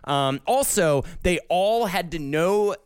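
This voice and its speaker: A man's voice: high voice, animated, slow pace, clear, resonant tone, dry recording. A young man co-hosting a podcast, chatting loosely and explaining ideas with lots of fillers. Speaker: podcast co-host. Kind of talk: casual chat.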